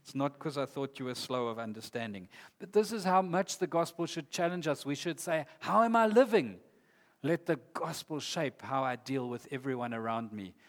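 A man's voice: medium pitch, lively intonation, moderate pace. Earnest preacher man in a reverberant hall. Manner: earnest, emphatic, reads scripture aloud. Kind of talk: sermon.

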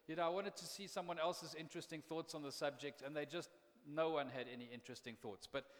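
A man pastor preaching a sermon in a conversational, impassioned way, often repeating words as he builds up steam. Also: a little high. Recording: long reverb of a large hall.

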